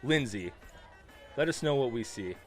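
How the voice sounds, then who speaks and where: A man narrating a tabletop game as dungeon master, in a lively, casual way. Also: mid-range voice, normal speed, faint music behind.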